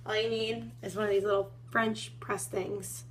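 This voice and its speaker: A woman's voice: medium pitch, flat delivery, normal speed, background noise. A young woman in her twenties vlogging at home in the morning, chatting in a rambling way full of fillers, with a groggy morning voice. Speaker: fitness vlogger. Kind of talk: casual morning vlog chat.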